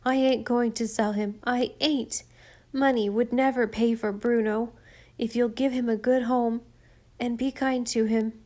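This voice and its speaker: A woman voicing a grieving, stubborn farm boy of about twelve who speaks hoarsely and defiantly. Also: on the high side, steady tone, measured pace, dark tone, close to an everyday voice. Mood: choked grief.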